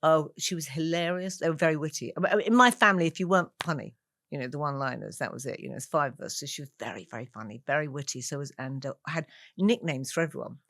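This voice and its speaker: A woman in her sixties from England, a guest talking over memories, with an animated storytelling manner and frequent laughs. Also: deep voice, fast talker, gravelly, dry recording, studio quality. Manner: warm storyteller, laughs often, animated asides. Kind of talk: reflective conversation.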